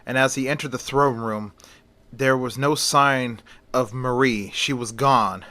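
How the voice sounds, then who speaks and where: A man narrating a horror story in a slow, plain retelling manner. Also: medium pitch, pushed and bright.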